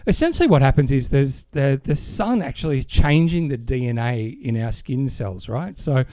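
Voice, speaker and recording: A man's voice: medium pitch, expressive, moderate pace, mellow, no room sound. An Australian man co-hosting a podcast, explaining things at length in an enthusiastic, rambling way. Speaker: podcast co-host. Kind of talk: casual chat.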